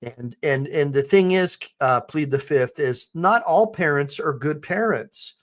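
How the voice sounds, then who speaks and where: A man's voice: fairly high pitch, expressive, measured pace. A middle-aged man hosting a livestream, rambling casually and talking straight to his viewers, his eyes watering from allergies. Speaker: host.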